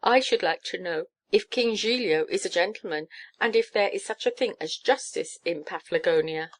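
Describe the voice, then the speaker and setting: A woman's voice: medium pitch, moderate pace, lightly acted. A woman reading a storybook, voicing a pushy, clinging old countess who shrieks and gushes. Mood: pleading. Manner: shrieking, gushing and pleading.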